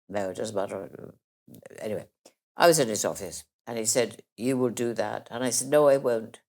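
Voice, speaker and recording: Older lady, kinda emotional, tells stories and does people's voices, slow and swoopy. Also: low-pitched, darkish tone. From England. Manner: anecdotal, acts out quoted voices. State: emotional, near tears. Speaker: interview guest. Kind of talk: emotional life-story chat.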